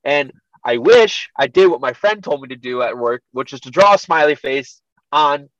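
A young man guesting on a podcast, telling a profane story in an animated, laid-back way. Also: a little high, normal speed, no echo, highs cut off. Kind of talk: casual storytelling.

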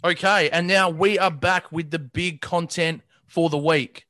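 A man's voice: on the high side, fairly even intonation, a little slow, sharp tone, dry recording, clean studio sound. A man, co-hosting a casual sports chat and building to emphatic peaks. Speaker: podcast co-host.

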